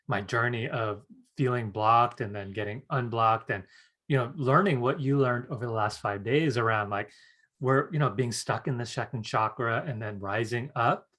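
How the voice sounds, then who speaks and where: Middle-aged male workshop teacher, lively storyteller, medium pitch. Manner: animated storyteller acting out quoted voices. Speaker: psychic development teacher.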